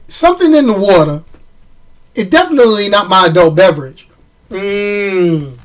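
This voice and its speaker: Male vlogger, New York accent, casual opinionated commentary, animated, repetitive, rhetorical. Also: high voice. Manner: animated, repeats phrases, rhetorical questions. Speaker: movie review vlogger.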